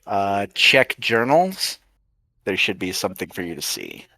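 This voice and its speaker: A man's voice: on the low side, wildly swooping pitch, unhurried, gravelly, sharp tone, no room sound. A man running a tabletop role-playing game as game master, laughing often and joking about himself. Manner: laughs often, self-deprecating.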